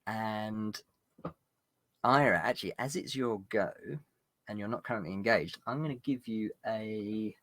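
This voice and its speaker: A man's voice: lowish voice, unhurried, a bit bright, no room sound. A man narrating as game master of a tabletop game, rambling with fillers and restarts.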